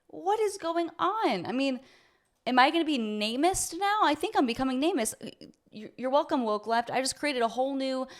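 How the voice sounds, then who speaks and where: A fairly high-voiced woman vlogger from the United States delivers a fired-up commentary straight to her audience. She sounds opinionated and sarcastic throughout. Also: lively intonation, fairly quick. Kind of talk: ranting commentary to camera.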